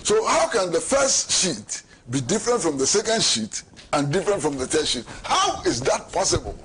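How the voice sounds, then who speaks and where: A man's voice: on the high side, sing-song, normal speed, a bit bright, slight background noise. A middle-aged man with a Ghanaian accent giving emphatic political commentary as a talk show host, repeating rhetorical questions. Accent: Ghanaian English.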